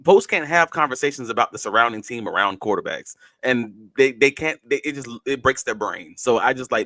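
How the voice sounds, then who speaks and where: A man co-hosting a football podcast, talking in a casual, outspoken way. His voice is bright and forceful, with a middle pitch and a close, dry sound. He is blunt and emphatic, pressing his points hard. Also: lively intonation, a little fast, hardly any pauses, dry recording. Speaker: podcast co-host. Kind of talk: casual sports talk.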